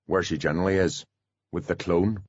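A man's voice: low-pitched, fairly even intonation, fairly quick, breathy edge, no room sound. A man voicing a huge, loyal male bodyguard who speaks steadily and plainly. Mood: wry. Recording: dull, dry lo-fi recording.

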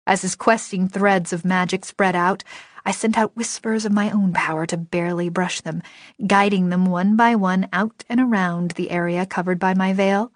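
A woman narrating a first-person novel in a lively, expressive storytelling voice. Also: on the low side, no echo, studio quality. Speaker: audiobook narrator.

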